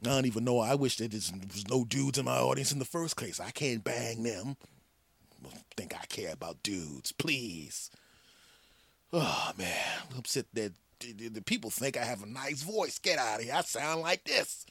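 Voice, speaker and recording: A man's voice: medium pitch, lively intonation, moderate pace, gravelly, fairly bright tone, slightly rough, no room sound. A middle-aged man hosting a comedy podcast, ranting in a mock-arrogant, profane, sarcastic way. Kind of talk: comedic rant sketch.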